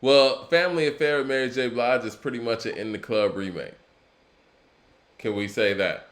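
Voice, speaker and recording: A man co-hosting a casual hip hop talk show, relaxed and reflective, often trailing off into a quieter voice. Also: mid-range voice, normal speed. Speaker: podcast co-host.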